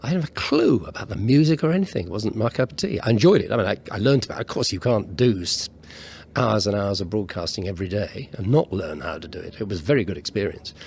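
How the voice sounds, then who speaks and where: A man, now a politician and once an actor turned DJ, recalling his time on the ship in a measured, wry way. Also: on the low side, lively intonation, gravelly, a little mellow, slight background noise. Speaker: politician and former DJ. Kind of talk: reminiscing interview.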